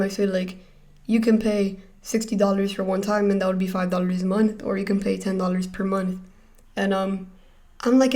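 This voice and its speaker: A man's voice: sits high, darkish tone. A teenage boy telling a rambling, hesitant storytime to his vlog audience. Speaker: vlogger.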